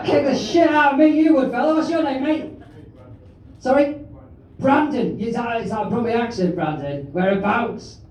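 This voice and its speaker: A man hosting a stand-up show, teasing the audience in a brash, sweary, shouting way during crowd work. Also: extremely high pitch, moderate pace. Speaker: comedy host and compere. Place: large comedy auditorium with live audience. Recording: echoey hall, distant mic, crowd noise.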